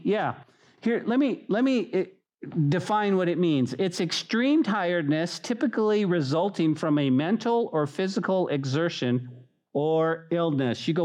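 A man preaching a sermon in church, animated and conversational, acting out what his listeners might say. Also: high-pitched, normal speed. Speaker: pastor.

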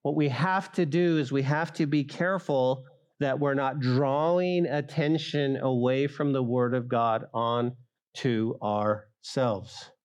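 A middle-aged male pastor preaching a sermon, speaking straight to the congregation and rising loud for emphasis. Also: medium pitch, slow pace. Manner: acts out quoted voices of listeners.

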